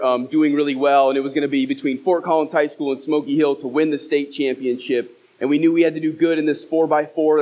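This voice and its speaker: A man's voice: medium pitch, highs cut off. A man in his thirties, a pastor preaching a sermon and telling a personal story, acting out the voices in it. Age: 30s. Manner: storytelling, acts out dialogue. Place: church hall.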